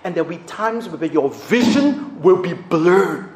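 A man's voice: high-pitched, lively intonation. Man preaching in a roomy hall. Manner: swings from loud emphasis to hushed, drawn-out phrases. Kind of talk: sermon. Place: auditorium. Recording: roomy echo, faint background noise.

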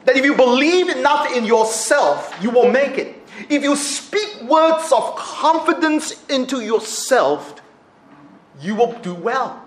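A man's voice: very high voice, slow. A man preaching a sermon, acting out quotes with laughs. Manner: animated, acts out quotes with laughs. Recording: echoey room.

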